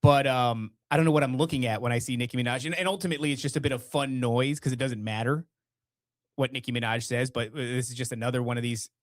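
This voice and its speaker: A man's voice: mid-range voice, fast, no room sound. A man hosting a podcast in casual chat, rambling and hesitant with many restarts. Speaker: podcast host.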